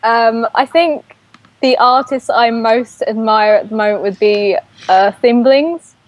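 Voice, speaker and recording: A woman's voice: fairly high pitch, unhurried, rough recording. A young woman guest on a fan podcast, answering hesitantly and searching for words. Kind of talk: casual interview answers.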